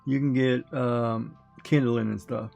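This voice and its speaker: A man's voice: mid-range voice, fairly even intonation, slow, gravelly, darkish tone, soft background music. A man streaming, chatting casually with his live audience, rambling along and chuckling often.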